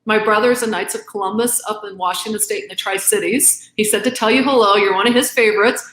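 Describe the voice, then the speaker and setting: With a medium-pitched, steady and a bit bright voice, a middle-aged woman speaks at a quick pace in an impassioned interview as a guest author. Earnest and emphatic, she acts out both sides of arguments, quoting them back and forth, in a roomy-sounding space.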